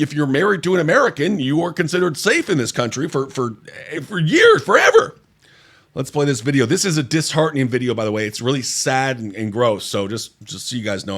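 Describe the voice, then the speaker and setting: A man's voice: mid-range voice, fairly bright tone. A man hosting a political commentary podcast, blunt, indignant and profane. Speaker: podcast host.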